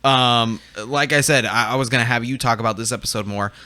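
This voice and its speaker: A man's voice: mid-range voice, a little fast, bright, forceful tone, no echo. A young man co-hosting a casual fan podcast, talking chattily with fillers and restarts. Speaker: podcast co-host.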